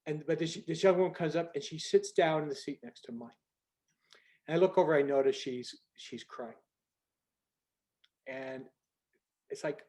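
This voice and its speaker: Older man, a little high-pitched, telling an earnest personal story on a video call. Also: moderate pace, long pauses. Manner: earnest, conversational storytelling, voice drops soft at emotional moments. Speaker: speaker on a group call. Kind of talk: storytelling talk.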